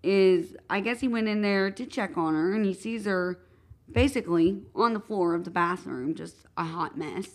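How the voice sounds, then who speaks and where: A woman's voice: medium pitch, normal speed. A woman co-hosting a podcast, earnestly retelling a true story step by step in casual chat. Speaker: podcast co-host.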